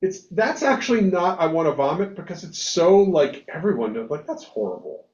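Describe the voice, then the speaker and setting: Male rabbi talking fast and animated, kinda high voice, echoey dull recording. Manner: animated, emphatic, many restarts. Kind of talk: casual discussion. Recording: echoey room, dull lo-fi sound.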